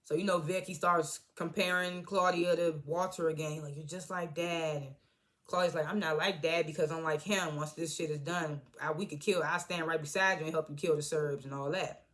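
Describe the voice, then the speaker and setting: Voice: medium pitch, fairly even intonation, moderate pace, a bit bright. A TV reviewer giving a loose, slangy recap of an episode, acting out the characters' lines and laughing often.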